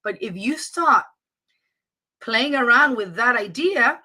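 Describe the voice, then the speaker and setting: Upbeat woman fitness coach, bright and forceful voice, chatty live-stream pep talk. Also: a little high, takes it slowly. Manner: energetic and motivational, with frequent restarts.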